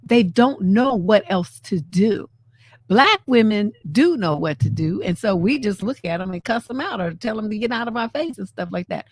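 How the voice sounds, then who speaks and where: A woman relationship coach hosting a live stream, talking in a blunt, sassy, profane and animated way. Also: mid-range voice, moderate pace, husky. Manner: animated, laughs often. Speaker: relationship coach and show host. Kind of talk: casual live-stream commentary.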